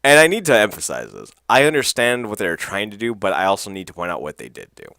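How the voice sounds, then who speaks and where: Low-voiced guy rambling thru a wrestling recap, cussing and laughing, lots of uhs. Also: big pitch swings, quick pace, vocal fry, sharp tone, clear, resonant tone, no room sound, clean studio sound. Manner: loose and profane, laughing, lots of fillers. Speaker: podcast host.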